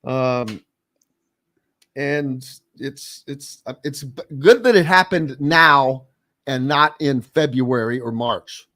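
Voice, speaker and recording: A man's voice: mid-range voice, slow pace, sharp tone. A man hosting a sports radio show, chatting casually and animatedly with a guest.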